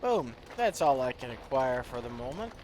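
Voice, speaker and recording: A man streaming a video game, chatting casually, rambling and swearing in his excitement, with a slight rural American accent. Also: medium pitch, moderate pace, slight background noise.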